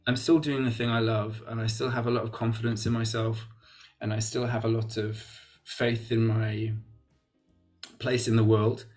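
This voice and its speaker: A man's voice: medium pitch, flat delivery, moderate pace, darkish tone, soft background music. A Welsh man being interviewed as a guest, talking in a reflective way and often restarting his sentences with "you know". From Wales. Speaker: guest, actor. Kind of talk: casual interview chat.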